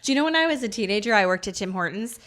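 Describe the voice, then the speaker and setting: A peppy woman in her thirties chats on a podcast, telling stories with plenty of laughter. Her pitch rises and falls a great deal as she talks, and she sits in a mid range for a woman. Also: very fast. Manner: peppy, laughs often, animated storytelling. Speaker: podcast co-host. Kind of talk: casual chat.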